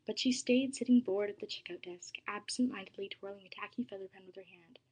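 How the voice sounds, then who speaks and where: A woman narrating a first-person story in a soft, dramatic reading voice that drops to a hush at times. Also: medium pitch, fairly even intonation, brisk, breathy edge, poor audio.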